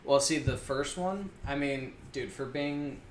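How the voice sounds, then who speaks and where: A man's voice: medium pitch, unhurried, a little hiss or hum. A man co-hosting a podcast in casual, teasing chat. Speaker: podcast co-host.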